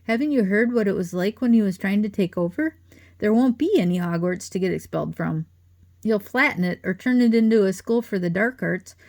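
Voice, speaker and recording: An urgent, determined schoolboy pushes his words out with force, as a woman reads him. The voice has a gravelly edge. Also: mid-range voice, animated, brisk, a little mellow, natural voice. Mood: defiant. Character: determined young schoolboy hero.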